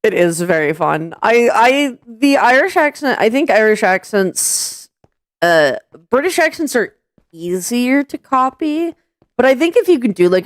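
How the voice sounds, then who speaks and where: A woman's voice: fairly low pitch, dry recording. A woman streaming live and chatting casually with friends in voice chat, rambling with lots of fillers and restarts.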